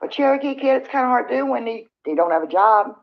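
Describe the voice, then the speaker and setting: A woman's voice: fairly high pitch, expressive, fast talker, creaky. A middle-aged woman, hosting a casual livestream and venting in a rambling way with frequent sighs. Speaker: livestream host. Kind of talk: casual livestream chat with viewers. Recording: dull lo-fi stream audio.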